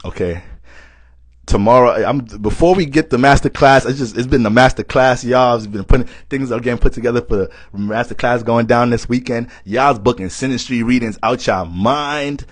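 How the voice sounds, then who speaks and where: A young man talks through an astrology reading in a loose, animated way, cracking jokes and swearing freely. He sounds run down from too little sleep, and his voice sits in an ordinary middle range. The sound is dry and close, with no room in it. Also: medium pitch, normal speed, no room sound. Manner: animated, joking, swears a lot. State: tired, short on sleep. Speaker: astrology reader. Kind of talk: casual astrology talk.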